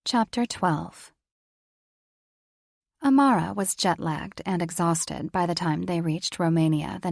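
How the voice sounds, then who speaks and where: A woman narrating a paranormal romance audiobook in measured, steady storytelling. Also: fairly low pitch, vocal fry, no room sound, studio quality. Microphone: studio microphone.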